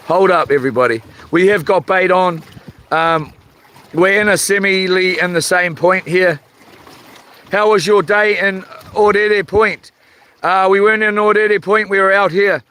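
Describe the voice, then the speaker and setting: A man talks slowly and loosely into his phone while fishing at night, pausing often as he hunts through chat messages. His voice sits fairly high and bright, with a slightly rough, tired edge to it. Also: a little hiss or hum. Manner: rambling, halting, reads chat comments aloud. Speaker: livestream host. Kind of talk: casual livestream chat. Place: outdoors on a rock by the water at night.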